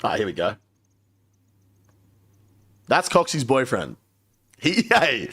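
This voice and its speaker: A man's voice: medium pitch, huge pitch swings, unhurried, pauses often, a bit bright, no echo, clean studio sound. A young man chatting casually on a live stream, cursing freely and laughing as he tells stories. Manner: profane, laughing storyteller.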